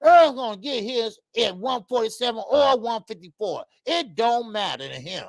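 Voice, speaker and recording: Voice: medium pitch, lively intonation, normal speed, gravelly, no echo. A boxing show host ranting in a heated talk-show style, fired up, repeating points and talking straight to viewers.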